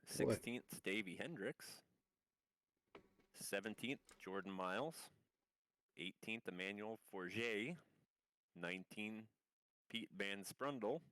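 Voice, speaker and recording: There's no echo on this clip of a male sim racing commentator, whose fairly low, slightly bright voice moves at a slow pace with frequent pauses. Sounding sick and muffled, he works through a lengthy lineup and keeps fumbling the tricky names.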